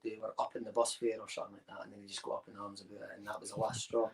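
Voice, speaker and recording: A man's voice: fairly low pitch, level tone, very fast, poor audio. A man with a Scottish accent, a podcast guest rambling through anecdotes with Scots slang in casual chat. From Scotland.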